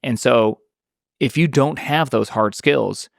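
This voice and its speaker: A man talking as a podcast guest in casual conversation, rambling and animated, with lots of restarts and fillers. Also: medium pitch, takes it slowly, gravelly, no room sound, clean studio sound.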